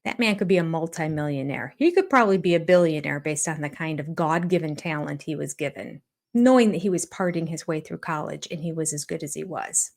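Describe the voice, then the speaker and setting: A woman's voice: sits low, fairly quick, vocal fry, a little mellow. An older woman giving sarcastic, amused reaction commentary on a reality show, often laughing. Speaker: YouTube commentator.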